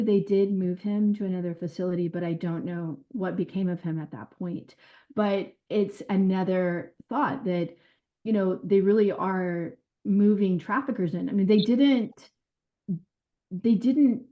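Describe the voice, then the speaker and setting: A woman who was a caseworker, telling her experiences in an interview in an earnest, animated way with quoted dialogue. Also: medium pitch. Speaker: former caseworker. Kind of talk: recounting stories in an interview. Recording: dull lo-fi sound.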